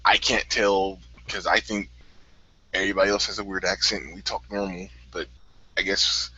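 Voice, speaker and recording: A man's voice: deep voice, flat delivery, moderate pace, pushed and bright, slightly rough. An easygoing man from the American Midwest in casual chat, laughing often and repeating words as he starts a thought. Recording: dry, dull lo-fi audio.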